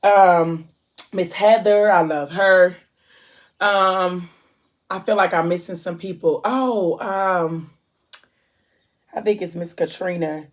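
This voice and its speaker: Speaking with a steady tone on the low side, a vlogger from Ohio talks casually to her viewers on camera. She gushes with warm shout-outs and stretches out her endearments.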